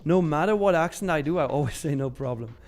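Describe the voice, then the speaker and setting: A man's voice: on the high side, animated, quick pace, a little mellow. A young man hosting a live trading stream, chatting casually and upbeat as he reads viewer comments, laughing often and using slang.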